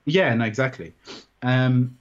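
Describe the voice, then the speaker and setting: A man recounting a personal experience in an interview, rambling and halting with many restarts. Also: mid-range voice. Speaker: interview guest. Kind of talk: personal story in conversation. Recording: dull, muffled sound.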